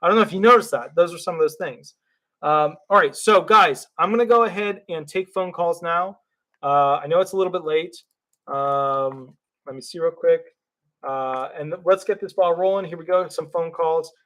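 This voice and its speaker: Male attorney host, excitable rambler, fairly high voice. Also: moderate pace. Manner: rambling and excitable, many fillers and restarts. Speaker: disability attorney hosting a live call-in show. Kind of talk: livestream call-in talk.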